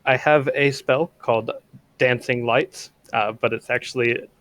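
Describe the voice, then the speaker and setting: A man's voice: mid-range voice, steady tone, fairly bright tone, dry recording. A man playing a tabletop game, speaking hesitantly as a player. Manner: slow, hesitant. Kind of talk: tabletop role-play.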